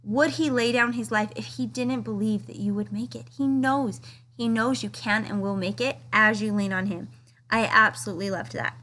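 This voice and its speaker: A woman's voice: a little high, steady tone, normal speed, sharp tone. A woman giving a casual, earnest devotional study talk, reading quotes aloud with enthusiasm. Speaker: scripture study teacher.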